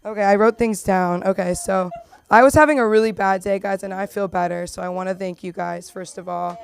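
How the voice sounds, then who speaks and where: A young woman from Los Angeles with a Valley girl accent, doing open mic stand-up in a rambling, filler-heavy way that jumps into loud squeals. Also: mid-range voice, brisk, creaky, slight background noise. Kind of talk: stand-up comedy. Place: comedy club.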